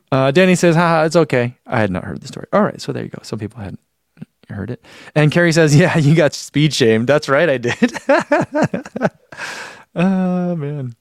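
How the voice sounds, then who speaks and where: Gravelly-voiced man chatting on a live stream. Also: fairly high pitch, big pitch swings, a little slow, no echo, studio quality. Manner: rambling, self-deprecating, laughs often. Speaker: running YouTuber hosting a live stream. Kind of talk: casual live-stream chat reading comments.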